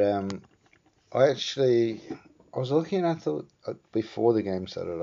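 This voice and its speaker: A man's voice: low-pitched, mellow. A man with a New Zealand accent hosting a vlog, rambling in a laid-back, casual way and swearing offhandedly. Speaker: vlog host. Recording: dull lo-fi sound.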